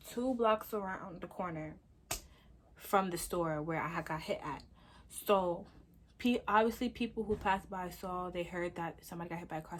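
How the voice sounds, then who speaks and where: A young adult woman telling a personal story in a casual, lively vlog style, with lots of fillers. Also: mid-range voice, slight background noise. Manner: lively, chatty, full of fillers. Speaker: vlogger.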